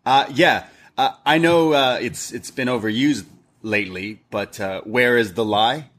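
A man's voice: medium pitch, measured pace, a bit bright. A man co-hosting a wrestling podcast, chatting casually and upbeat, with loose filler-laden talk. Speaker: podcast co-host. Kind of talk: casual chat.

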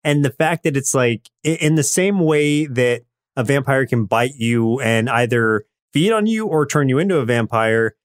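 Man calmly recapping episodes on a podcast. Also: mid-range voice, moderate pace. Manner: relaxed recapping, explanatory. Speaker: podcast co-host. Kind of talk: casual chat.

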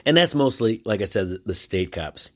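A man hosts a podcast solo, telling a long story in a loose, rambling way. His voice sits fairly low, and he trips over restarts and fillers as he goes. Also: animated, moderate pace. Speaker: podcast host. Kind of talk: casual storytelling monologue.

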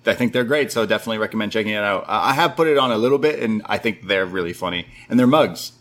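A man co-hosting a wrestling review podcast, recapping the show in casual chat and acting out quoted lines. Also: fast talker. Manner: animated, acts out quoted lines in high voices.

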